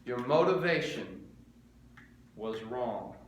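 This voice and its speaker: A man's voice: medium pitch, expressive, slow, a little hiss or hum. Earnest male preacher in an echoey room. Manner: earnest, repetitive preaching with rhetorical questions. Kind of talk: sermon.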